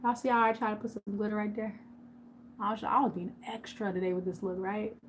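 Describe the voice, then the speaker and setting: A woman's voice: mid-range voice, fairly even intonation, fairly quick, a little hiss or hum. A woman hosting a casual live stream, chatting with viewers by name and repeating points for emphasis. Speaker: YouTube host on a livestream.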